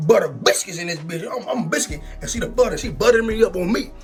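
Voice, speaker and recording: A young man, telling a long storytime with slangy, repetitive, excitable talk. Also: high-pitched, fast, soft background music. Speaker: storytime YouTuber. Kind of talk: animated storytime monologue.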